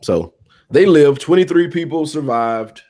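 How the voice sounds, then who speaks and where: A man's voice: a little high, lively intonation, unhurried, mellow. A man co-hosting a casual talk show, laid-back and laughing often. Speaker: podcast co-host. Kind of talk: casual chat.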